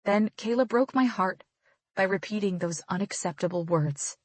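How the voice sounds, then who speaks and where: A woman's voice: mid-range voice, normal speed, dry recording. Woman narrating a tense audiobook. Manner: tense, dramatic reading. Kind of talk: first-person romance audiobook narration.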